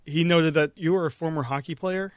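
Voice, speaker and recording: A man hosting a podcast interview, asking questions in a relaxed, conversational way. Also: a little high, a little fast, no echo, clean studio sound. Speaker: podcast host. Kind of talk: casual interview.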